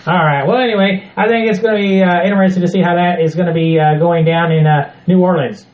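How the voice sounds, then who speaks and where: Man, high voice, podcast host, announcer-style intros, roomy echo, lo-fi. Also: fairly even intonation, fast talker. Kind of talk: casual wrestling news chat.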